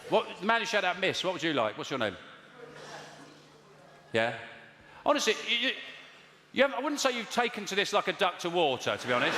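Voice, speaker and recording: A man doing stand-up comedy, telling rambling, deadpan stories and bantering with the crowd in a live venue. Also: sits high, slight background noise. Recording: echoey live venue, loud audience.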